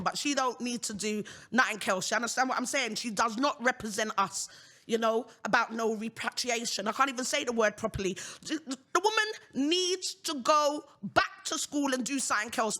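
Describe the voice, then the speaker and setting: British woman ranting on her own podcast, super blunt, bright sharp voice. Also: high voice. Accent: British English. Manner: outspoken, keeps asking "you understand what I'm saying?". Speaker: podcast host. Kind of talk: solo podcast rant.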